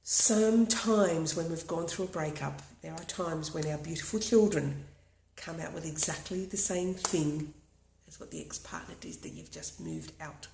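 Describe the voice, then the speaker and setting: A woman's voice: sits low, big pitch swings, normal speed, creaky, a little hiss or hum. Earnest woman leading a tapping session. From Australia. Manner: earnest, repetitive affirmations. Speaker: tapping practitioner. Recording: echoey room.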